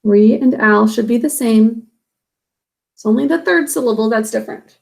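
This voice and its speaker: A woman's voice: on the high side, normal speed, vocal fry, a little mellow. A woman teacher giving a recorded spelling lesson, patiently sounding out words letter by letter and syllable by syllable.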